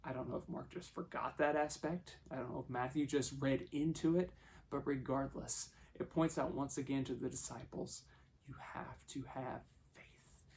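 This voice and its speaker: Man, preacher, sermon, storytelling, gravelly voice, hushed to loud. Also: mid-range voice, normal speed, a little hiss or hum.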